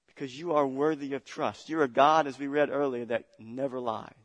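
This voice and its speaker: A man's voice: medium pitch, fairly even intonation, normal speed. A male pastor preaching a sermon, building with passion, repeating phrases and calling on the congregation to answer. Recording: long hall reverb.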